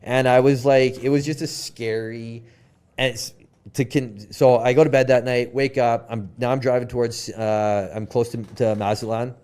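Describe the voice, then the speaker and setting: A man's voice: mid-range voice, normal speed, clear, resonant tone. A young Canadian man on a podcast, telling a story casually with many fillers and acted-out quotes. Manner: animated, lots of fillers, quoted dialogue. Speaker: podcast guest.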